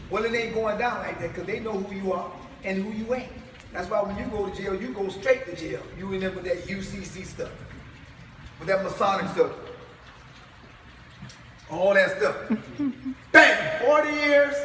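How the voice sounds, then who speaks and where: A man's voice: high-pitched, noisy background. Preacher guy hammering questions at his crowd, long hall reverb, mic way back. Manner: emphatic, calls out rhetorical questions to the crowd. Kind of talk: preaching to a live congregation. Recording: echoey hall, far from mic.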